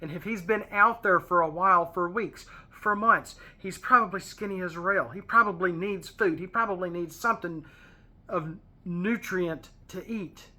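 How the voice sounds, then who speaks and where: A man's voice: sits high, moderate pace, sharp tone. A man hosting a casual Bible study, reading verses and explaining them in a chatty, digressive way with pop-culture asides.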